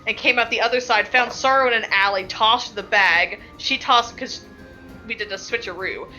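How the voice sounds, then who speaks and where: A woman's voice: fairly high pitch, normal speed, sharp tone, soft background music, rough recording. A woman who plays in a tabletop game, recapping a session casually, rambling and laughing, with lots of filler words.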